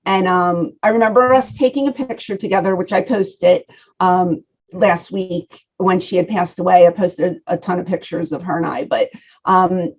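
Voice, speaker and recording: A woman's voice: fairly low pitch, moderate pace, husky. A middle-aged woman with a Philadelphia accent, a guest talking frankly and chatting over a video call. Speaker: guest, former wrestling personality. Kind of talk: casual interview chat. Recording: slightly dull lo-fi audio.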